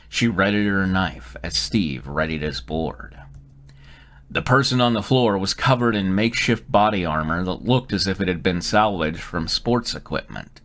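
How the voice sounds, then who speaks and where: A man's voice: deep voice, a bit bright. A man reading fan fiction aloud on a live stream, sometimes stumbling and correcting himself mid-sentence.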